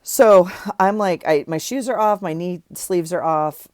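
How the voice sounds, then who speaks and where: A woman's voice: fairly low pitch, measured pace, darkish tone, no echo, clean studio sound. A woman chatting casually to viewers as she journals, telling a rambling story full of fillers and self-corrections and laughing at herself. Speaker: vlogger journaling. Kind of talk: casual chat while journaling.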